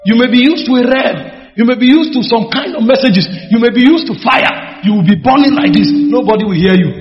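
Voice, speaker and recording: High-voiced preacher in an echoey hall. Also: male voice. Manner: emphatic preaching with repetition and rhetorical questions. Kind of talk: sermon. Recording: echoey hall, dull sound.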